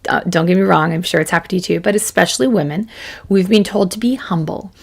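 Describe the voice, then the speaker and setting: A woman's voice: lowish voice, fast, gravelly, breathy edge. A woman in her forties giving a chatty, self-deprecating motivational talk to camera as a business coach, laughing often.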